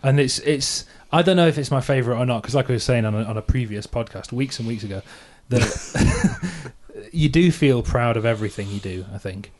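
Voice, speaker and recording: A man's voice: mid-range voice, expressive, a little fast, a little mellow, slight background noise. A man in his thirties from England, a musician hosting a podcast, chatting casually about his songs, self-mocking and laughing often.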